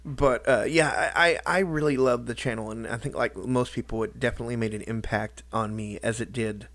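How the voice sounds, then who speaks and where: Guy rambling on his channel, lots of uh and restarts, mid pitch, dry sound. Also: fairly even intonation, fairly bright tone, no room sound. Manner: halting, many restarts and fillers. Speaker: YouTuber. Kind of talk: rambling personal vlog talk.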